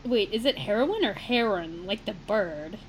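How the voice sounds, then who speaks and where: Slow-talking woman reading aloud, amused. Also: medium pitch, lively intonation, slight background noise, poor audio. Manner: reads slowly, spells out misspelled words, breaks into laughter. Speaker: co-host reading fan fiction aloud. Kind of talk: comedic podcast reading.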